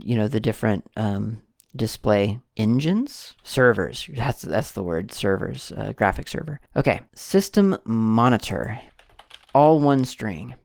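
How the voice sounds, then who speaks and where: A man casually talking through a software demo as he clicks around, thinking aloud and correcting himself often. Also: mid-range voice, vocal fry, no room sound, studio quality. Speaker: tech video host. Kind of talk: casual screen-recorded software walkthrough.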